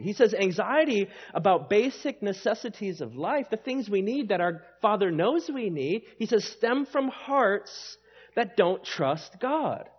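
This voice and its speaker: A male pastor delivers a sermon with a high, very lively voice that swings up and down. He preaches in an emphatic, conversational way. The recording sounds slightly dull and lo-fi. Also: breathy edge.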